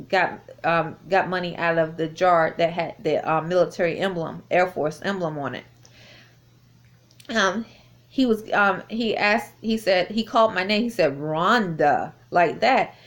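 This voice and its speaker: A woman's voice: fairly low pitch, a bit bright. A woman telling a personal story in a casual spoken testimony, rambling with many fillers and restarts, recorded indoors on a phone. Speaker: vlogger recounting a personal experience.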